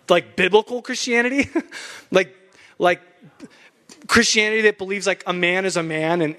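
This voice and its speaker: A man's voice: high-pitched, a bit bright. A young adult man preaching a sermon as pastor, emphatic and fired up, with laughs between points.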